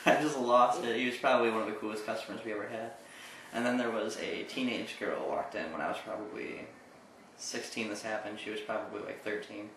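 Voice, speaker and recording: A young man co-hosting a casual chat, telling stories in a relaxed, dry, profane way. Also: fairly low pitch, brisk. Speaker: co-host. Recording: echoey room, distant mic, faint noise.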